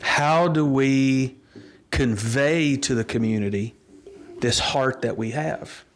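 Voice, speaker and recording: A middle-aged pastor with a drawl tells his story slowly and earnestly, picking up again after small restarts. His voice sits at an ordinary pitch for a man and sounds plain and natural. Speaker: pastor and interview guest. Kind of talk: storytelling in a casual interview.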